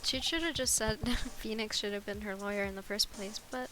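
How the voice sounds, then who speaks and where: A woman's voice: medium pitch, fairly even intonation, a little fast, hardly any pauses, over music, rough recording. A young woman streamer chatting casually and playfully while playing a game, self-mocking and laughing often.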